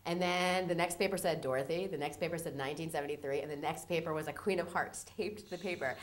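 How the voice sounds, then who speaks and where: A woman casting director telling a story in an interview, excitable, acting out both sides of the conversation and breaking into shrieks of disbelief. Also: low voice, quick pace, hardly any pauses, background noise.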